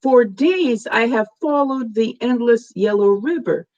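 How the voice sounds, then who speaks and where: A woman's voice: a little high, unhurried, darkish tone, muffled recording, close to an everyday voice. A woman reading the part of an earnest young male traveler who speaks carefully with a stumbling foreign accent.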